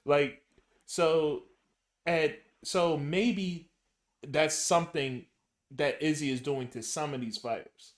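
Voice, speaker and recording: A man hosting a podcast in casual chat, halting and restarting as he builds his questions. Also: on the high side. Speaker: podcast host.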